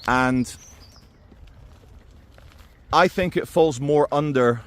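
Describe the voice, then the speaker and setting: A man's voice: a little high, extremely slow, no echo. Chatty man giving opinions. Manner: conversational and animated, with quoted impressions. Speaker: video commentator. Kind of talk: opinionated monologue commentary.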